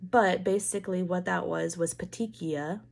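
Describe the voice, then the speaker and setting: A young woman recounts a personal family story in her own video, speaking earnestly. Her voice sits a touch low for a woman, and she pauses often and reaches for "like" and "um" as she goes. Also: fairly even intonation, creaky, a little mellow. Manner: earnest, halting retelling full of "like" and "um"; acts out others' lines in quoted dialogue. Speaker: parent telling a family story.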